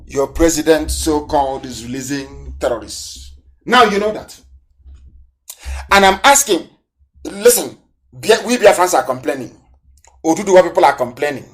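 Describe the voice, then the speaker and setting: A man's voice: fairly high pitch, expressive, moderate pace, pauses often. Impassioned man, raised voice. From southeastern Nigeria. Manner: impassioned, scornful, rhetorical. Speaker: broadcaster and activist leader. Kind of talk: live political broadcast.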